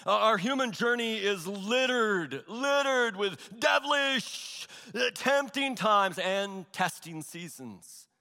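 A male pastor preaching a sermon in a church, telling a story with animated, exaggerated asides. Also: high-pitched, slow pace, few pauses, big-room sound. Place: large church hall.

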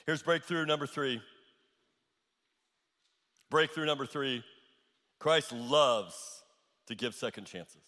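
A man's voice: medium pitch, takes it slowly, long pauses, sharp tone, long reverb tail. A male pastor preaching a sermon, repeating his key lines for emphasis.

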